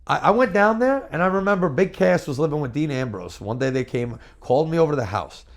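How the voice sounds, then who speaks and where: Fast-talking and somewhat high-voiced, a former pro wrestler sits for a candid shoot interview. He tells animated, boastful stories in a brash, profane manner, breaking into bursts of repeated words.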